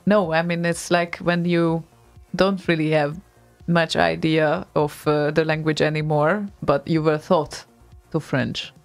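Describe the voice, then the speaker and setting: A woman's voice: low-pitched, flat delivery, unhurried, few pauses, soft background music. A woman co-hosting an online radio show, chatting casually with a hesitant, laughing manner.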